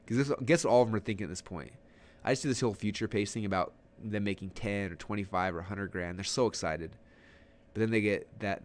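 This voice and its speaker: A man teaching a webinar on sales in an energetic, rapid-fire manner, often restarting his sentences. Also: on the low side. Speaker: online marketing coach.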